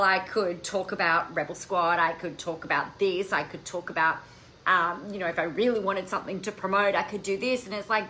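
A woman hosting a casual live stream, talking in an animated, chatty way and swearing now and then. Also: mid-range voice, moderate pace, slight background noise, low-quality recording. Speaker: coaching podcast host.

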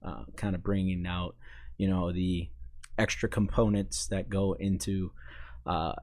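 A young man from Chicago who grew up in Maine, chatting casually as an interview guest, full of fillers and restarts and quick to laugh. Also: low voice, flat delivery, a little mellow. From Chicago, raised in Maine. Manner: halting, many fillers and restarts, laughs easily. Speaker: sports information staff, podcast guest.

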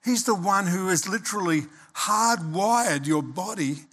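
A man preaching a sermon as pastor, animated and emphatic, acting out quoted voices. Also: sits high, a little slow, hardly any pauses, breathy edge.

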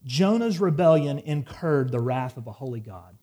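A man's voice: medium pitch, expressive, moderate pace, mellow. A man preaching a sermon, reading scripture dramatically and dropping wry asides. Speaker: pastor.

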